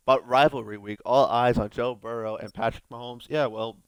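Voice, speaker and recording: A man's voice: mid-range voice, fairly even intonation, moderate pace, clean tone, no room sound. A young adult man giving casual gameplay commentary as a video host, talking to himself in a joking, rambling way. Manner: joking, rambling self-talk.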